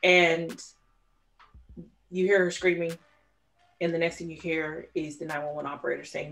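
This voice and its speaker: Woman, low-ish voice, podcast co-host, animated true-crime storyteller. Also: moderate pace, gravelly, long pauses.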